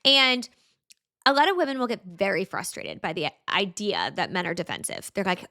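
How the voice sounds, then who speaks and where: A woman's voice: mid-range voice, very animated, moderate pace, pushed and bright. A woman guest on a podcast, explaining things earnestly and casually, often checking in with "right?" and "like".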